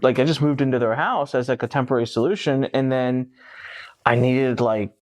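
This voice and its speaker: A man's voice: mid-range voice, fairly even intonation, brisk, darkish tone. A man in his forties, a guest entrepreneur, telling an anecdote casually and animatedly, swearing freely and acting out voices.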